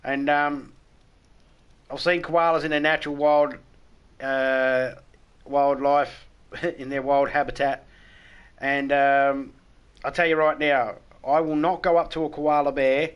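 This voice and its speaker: A man's voice: fairly high pitch, little pitch movement, slow pace, long pauses, smooth, highs cut off. A middle-aged man with an Australian accent, a game streamer chatting casually, rambling and swearing freely with blunt humor. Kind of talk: casual chat.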